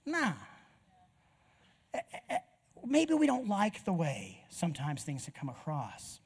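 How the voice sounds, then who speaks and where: Animated middle-aged male preacher. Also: very high voice, a little slow, pauses often, husky. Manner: animated storytelling, swings from loud outbursts to near whispers. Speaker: pastor. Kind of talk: sermon.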